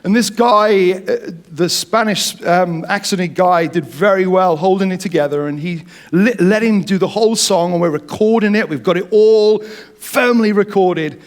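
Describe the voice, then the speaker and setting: Man, high voice, sermon, animated, jokey, storytelling. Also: normal speed. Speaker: pastor.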